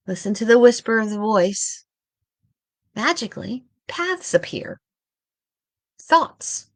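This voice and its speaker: A woman hosting a reflective spiritual talk. She speaks at a slow, unhurried pace and breaks her thoughts into short, measured phrases. Her voice sits at a middle pitch and is recorded close and dry. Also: fairly bright tone, no echo.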